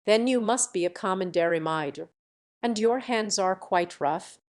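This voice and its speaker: A haughty duke from an old fairy tale, pompous and quick to scream at anyone beneath him, as a woman reading the story puts him on. His lines come out high and shrill with snobbish outrage. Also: close to an everyday voice. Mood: outraged. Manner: haughty, shrieking.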